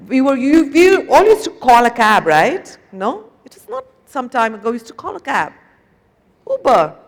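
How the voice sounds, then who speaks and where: A woman from India with an Indian English accent, giving a conversational keynote talk at a conference and tagging her points with "no?" and "right?". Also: a little high. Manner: conversational, asks the audience questions, tags "no?" and "right?". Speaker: conference speaker, company executive. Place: large conference hall. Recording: long hall reverb.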